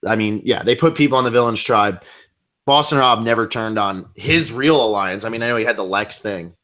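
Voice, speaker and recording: A man co-hosting a fan show, chatting casually in quick back-and-forth with filler words. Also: lowish voice, fairly bright tone. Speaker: podcast co-host.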